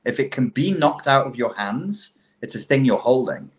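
A middle-aged man in casual conversation, talking in an animated, profane way and acting out quotes as he tells stories. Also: medium pitch, normal speed.

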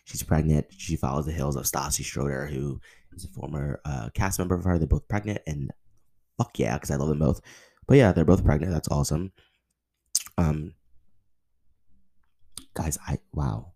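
Excitable man with a deep, gravelly voice. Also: normal speed, pauses often. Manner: excitable, stammering, swears a lot. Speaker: podcast host. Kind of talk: casual podcast monologue.

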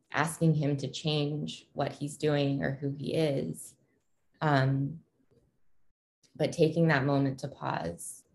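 A woman's voice: deep voice, darkish tone. A woman in her thirties, a parent, talking thoughtfully and casually, with frequent ums and restarts. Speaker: parent sharing her experience. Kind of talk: reflective casual conversation.

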